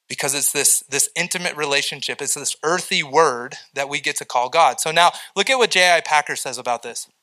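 A middle-aged man preaches with a bright, forceful tone. His voice sits a little high for a man. He tells stories with energy and acts out the voices he quotes. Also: rough recording. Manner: animated storytelling, acting out quoted voices. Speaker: pastor. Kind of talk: sermon.

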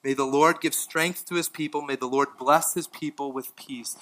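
Bright-voiced man preaching a sermon. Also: on the high side, steady tone, moderate pace, hardly any pauses, rough recording. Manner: dynamic preaching, swinging from emphatic to hushed; casual asides with light laughs. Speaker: pastor.

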